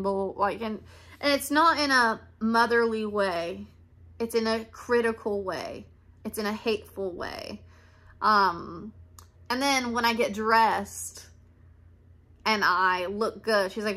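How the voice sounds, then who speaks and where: Blunt young woman, bright voice. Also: on the high side, a little slow. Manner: blunt, emotional, swears freely. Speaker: podcast host. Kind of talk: candid monologue.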